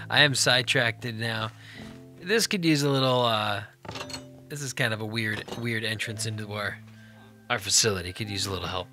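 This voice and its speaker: A man's voice: on the low side, normal speed, pushed and bright, soft background music. A man hosting a Let's Play, giving upbeat, chatty gameplay commentary and talking directly to viewers.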